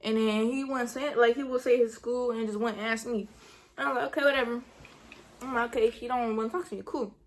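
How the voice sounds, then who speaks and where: A woman vlogger telling a story in a casual, slangy way, with lots of fillers and animated retelling. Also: a little high, quick pace.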